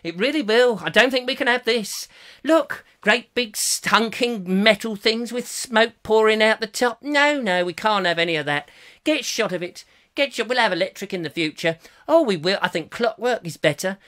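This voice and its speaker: A man's voice: sits high, expressive, normal speed, sharp tone, voice pushed up. A man putting on a plummy, pompous old railway official. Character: posh pompous older male railway official.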